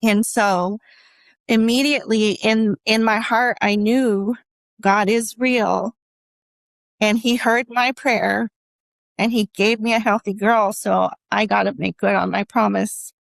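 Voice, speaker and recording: Emotional woman telling her story haltingly. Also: medium pitch, fairly even intonation, creaky, no room sound. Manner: earnest, halting storytelling with frequent restarts. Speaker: interview guest. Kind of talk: personal testimony in a conversation.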